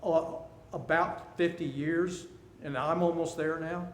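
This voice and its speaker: A man's voice: on the high side, fairly even intonation, measured pace. A man in his sixties giving a seminar talk, telling stories and jokes with animation. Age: 60s. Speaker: seminar speaker. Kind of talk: storytelling talk. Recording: echoey room, faint noise.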